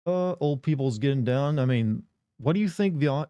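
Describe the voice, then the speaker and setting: Mellow-voiced man joking with his stream chat. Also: medium pitch, lively intonation, moderate pace, smooth, no room sound. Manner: joking, rambling banter with chat. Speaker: livestream host. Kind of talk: casual live-stream chat.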